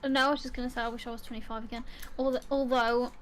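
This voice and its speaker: A woman's voice: a little high, flat delivery, racing, background noise. A chatty, giggly woman in her thirties with a Black Country accent, co-hosting a casual live-stream chat. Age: 30s. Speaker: co-host.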